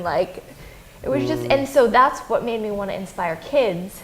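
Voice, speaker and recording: Animated young woman telling stories. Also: medium pitch, moderate pace. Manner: animated storyteller, acts out quotes. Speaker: interview guest, adventurer and filmmaker. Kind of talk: casual interview talk.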